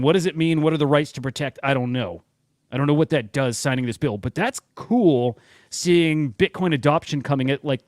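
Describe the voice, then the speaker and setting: A man's voice: on the high side, no room sound, studio quality. A man hosting a live stream, talking loosely and with self-deprecating jokes. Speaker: show host. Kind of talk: casual live-stream chat.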